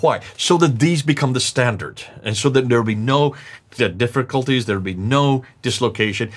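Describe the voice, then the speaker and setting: A man's voice: mid-range voice, a bit bright. A middle-aged man presenting a lecture-style discussion, emphatic, repeating key words and explaining with examples. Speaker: presenter teaching on manuscript history.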